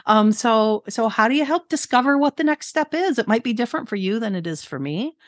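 A woman's voice: on the high side, expressive, a little fast, no echo. A middle-aged woman, an educator and podcast co-host, tells a family story in a casual, earnest way and repeats her key phrases for emphasis.

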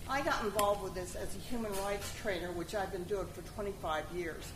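A woman speaking at a teach-in, telling a story in a lively way and quoting others. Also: medium pitch. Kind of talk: impromptu public remarks. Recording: echoey room with noise.

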